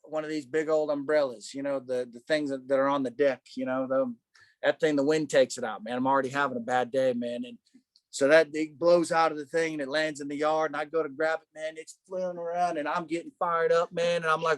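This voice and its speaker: A man leading a casual Bible study, animated, asking rhetorical questions and saying "man" a lot. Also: a little high, fairly quick, no echo.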